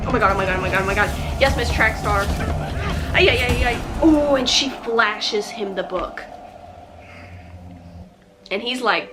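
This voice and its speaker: A woman's voice: medium pitch, a little slow, pauses often, loud music behind the voice. A young adult woman vlogger giving a casual, emotive movie review full of filler words.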